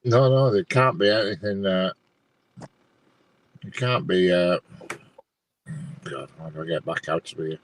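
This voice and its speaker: A man's voice: deep voice, measured pace, pauses often, a little hiss or hum, poor audio. A man, chatting casually on a live stream with many restarts, sounding bemused as he checks train diagrams. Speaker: co-host watching live train feeds.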